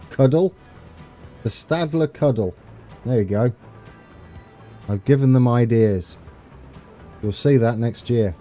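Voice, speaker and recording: A man's voice: mid-range voice, slow, long pauses, dark tone. A man from the UK chatting casually with viewers on a live stream while playing a train game, rambling and chuckling as he reads chat. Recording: faint game music behind.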